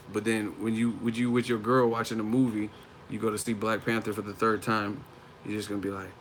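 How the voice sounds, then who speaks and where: A man's voice: on the low side, brisk, a little hiss or hum. A man on a casual live stream, talking about boxing, often laughing and swearing as he mocks the fighters. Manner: laughs often, profane, mocking impressions.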